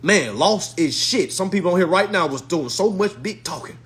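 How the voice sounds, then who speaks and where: This social media commentator has a high-pitched, fairly bright voice with lively intonation, speaking at a normal speed. In a profane monologue to his followers, he mocks freely, uses blunt slang, and keeps repeating his retorts.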